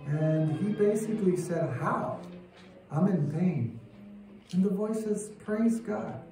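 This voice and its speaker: A man's voice: high-pitched, slow, warm tone, faint music behind. Male lay preacher, emphatic, rising fervor; mic far off in a reverberant sanctuary. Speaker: church speaker. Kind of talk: sermon. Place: church sanctuary. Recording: echoey church room heard from a distance.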